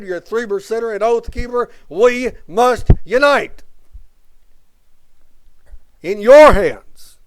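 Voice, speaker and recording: A man's voice: sits high, a little hiss or hum, rough recording. A man delivering a declamatory rally speech with rhetorical questions and chanted refrains. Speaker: rally speaker. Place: outdoor rally.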